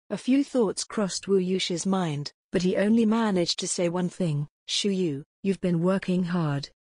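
A woman narrating an audiobook in an even, steady storytelling manner. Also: lowish voice, slightly rough, no echo, studio quality.

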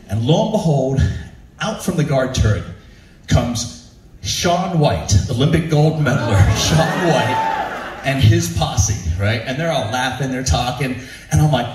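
A man with a mid-range voice tells comic stories at a slightly slow pace in his own stand-up show at a ship's venue. He's lively, often laughing and voicing the characters he quotes. The sound is roomy and distant, with faint ambience in the hall.

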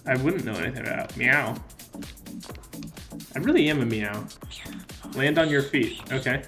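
A man's voice: medium pitch, very animated, unhurried, long pauses, over music. A man giving joking let's-play commentary in a playful, goofy way, answering in mock meows. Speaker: gaming video creator.

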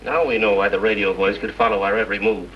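An actor playing a sharp-witted young man who urgently accuses the killer in a 1930s film. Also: lowish voice, fairly even intonation, quick pace, close to an everyday voice. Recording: dull, hissy 1930s film soundtrack.

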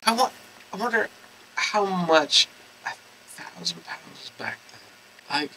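A man's voice: sits high, animated, slow pace, pushed and bright, a little hiss or hum, poor audio. A man from the United States co-hosting a casual reaction chat, laid-back and musing. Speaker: reaction channel host.

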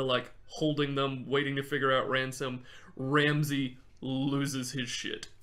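A man hosting a podcast, telling a history story in an animated, casual way and laughing often. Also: fairly high pitch. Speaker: podcast host.

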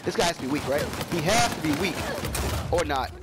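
A young man with a cold giving excitable, chatty commentary while playing a shooter game. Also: fairly high pitch, brisk, heavy background noise. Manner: excitable, yelps and trails into chatty stories. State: sick with a cold, coughing. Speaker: gaming YouTuber. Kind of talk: casual gameplay commentary. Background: game gunfire.

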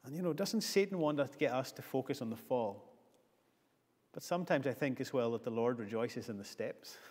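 A man preaching a sermon earnestly, building his points with repeated phrases. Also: mid-range voice. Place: church. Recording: long church reverb.

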